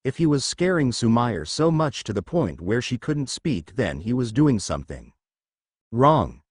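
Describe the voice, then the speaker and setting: A man's voice: mid-range voice, unhurried, no room sound. Guy narrating fanfic audiobook style, lots of up and down in his voice, super dry mic. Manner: reads all characters' dialogue in the same even voice. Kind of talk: fan fiction audiobook narration.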